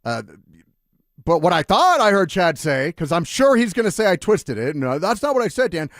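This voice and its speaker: A man hosting a sports radio show, arguing his point in an animated, rambling way and often restarting his sentences. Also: sits high, normal speed, no room sound, studio quality. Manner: animated, rambling, self-interrupting. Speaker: radio sports talk host. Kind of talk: casual sports radio debate. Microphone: studio microphone.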